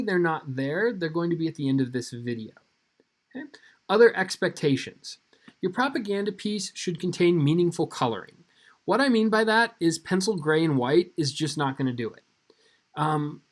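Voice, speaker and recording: Upbeat teacher, a man with a slightly high voice. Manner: casual, upbeat, talks straight to students. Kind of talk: recorded video lesson.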